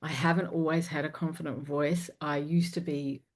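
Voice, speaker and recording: A woman guest, a confidence coach and performer, telling personal stories candidly in a podcast interview, animated and frank, with some casual swearing. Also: deep voice, normal speed. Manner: animated, swings loud and soft while retelling a story.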